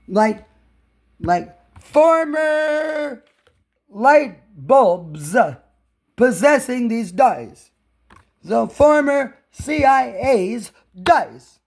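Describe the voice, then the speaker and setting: A man rambling through a reaction video, muttering to himself and shouting insults at the speaker on screen. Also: extremely high pitch, creaky. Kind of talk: rambling hostile commentary.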